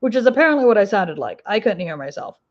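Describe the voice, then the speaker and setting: A woman's voice: medium pitch, very animated, fast talker, dull audio. A woman with an Ozark twang hosting a crafting livestream, chatting casually with viewers in a rambling way and laughing often. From Ozark Mountains, US. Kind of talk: casual livestream chat answering viewer comments.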